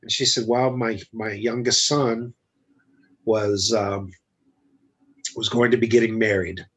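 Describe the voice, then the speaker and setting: A man's voice: fairly low pitch, slow pace, husky. A man, a business guest, telling a personal story in a casual interview, bluntly acting out the dialogue. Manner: blunt, animated retelling with quoted dialogue. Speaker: guest entrepreneur.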